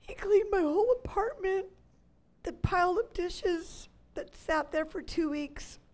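A woman in her forties giving an emotional testimony talk as a ministry leader, swinging between loud cries and hushed near-whispers. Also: extremely high pitch, lively intonation, a little slow.

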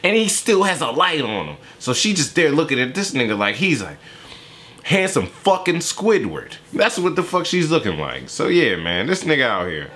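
A man's voice: fairly high pitch, big pitch swings, moderate pace, fairly bright tone, slight background noise. A young man hosting a reaction video, giving casual, profane, joking play-by-play commentary. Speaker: YouTube reaction host.

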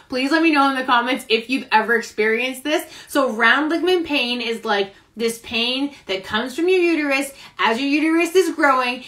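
A woman's voice: sits high, a bit bright. A young woman chatting casually in a live video, bubbly and chatty, laughing often and a little out of breath. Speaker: vlogger. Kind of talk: casual live-stream chat. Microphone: phone camera.

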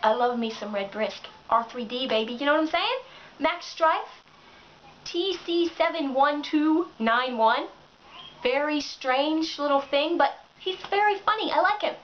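A woman's voice: sits high, a little slow, muffled recording, slight background noise. A woman vlogger ranting sarcastically into the camera in a casual way, with plenty of filler words.

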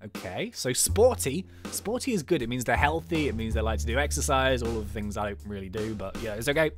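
A man's voice: medium pitch, animated, fairly quick, faint music behind. A man doing chatty, self-mocking gameplay commentary as a YouTuber.

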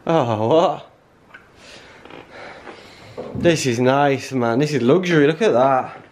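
Slow, chatty middle-aged hiker man. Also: mid-range voice, darkish tone, a little hiss or hum. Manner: chatty, jokey, laughs often. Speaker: solo hiker vlogging. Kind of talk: casual talk to camera. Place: outdoors on a hiking trail, later inside a bothy.

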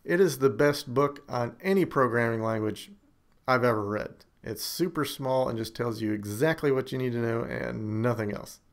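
A man's voice: mid-range voice, normal speed. A man hosting a screencast, talking casually with wry, self-deprecating humor and emphatic asides. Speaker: screencast host.

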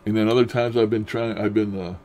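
Telling ghost stories casually to camera, a paranormal vlogger rambles in a folksy, chuckling style with loose grammar, trailing off and restarting. His voice is fairly low, steady, and darkish in tone, and a little fast.

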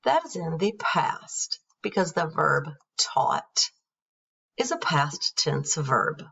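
Woman teacher, low voice, lively pitch, husky, grammar lesson, muffled distant recording. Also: takes it slowly. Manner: patient, spells words letter by letter. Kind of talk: explaining a grammar worksheet. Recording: dull, distant screen-recorded audio.

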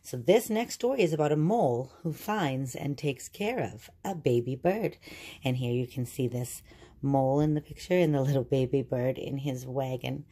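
A woman teacher with a low, mellow voice sets up a story read-aloud for young children. She explains each idea patiently and step by step, in a classroom manner. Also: moderate pace, slightly rough.

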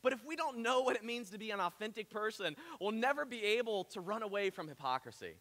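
Lively bright-voiced male pastor. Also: high voice, quick pace, in a large hall. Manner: conversational storytelling with asides. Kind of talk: sermon. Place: church auditorium.

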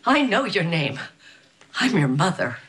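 A woman's voice: lowish voice, very animated, measured pace, a bit bright, breathy edge, exaggerated voice. An actress playing a haughty, manipulative middle-aged mother who justifies her crimes, in soap opera style. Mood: pleading. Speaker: mother held in custody.

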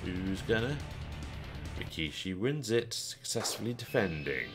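A man with a very deep voice talks casually over a wrestling game, dry and self-mocking, with the odd mild swear. Loud guitar game music plays steadily behind him. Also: very animated, a little slow. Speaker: gaming streamer. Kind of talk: casual let's play commentary.

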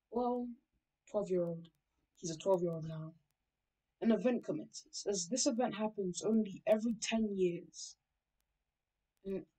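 A woman's voice: mid-range voice, mellow, rough recording. A woman casually narrating a fan story, rambling, swearing and correcting herself as she goes.

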